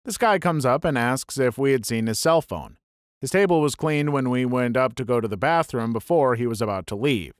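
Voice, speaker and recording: A man's voice: medium pitch, animated, a little fast, no echo. Man reading stories in a dry voice. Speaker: story narrator. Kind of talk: scripted narration of online stories.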